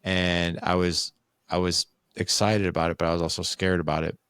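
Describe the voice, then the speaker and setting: A man in his forties, a podcast guest, telling personal stories in a candid, animated way and acting out what he once said. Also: low voice, normal speed, clear, resonant tone, dry recording, clean studio sound. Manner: animated, acts out his own past quotes. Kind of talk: candid conversational storytelling.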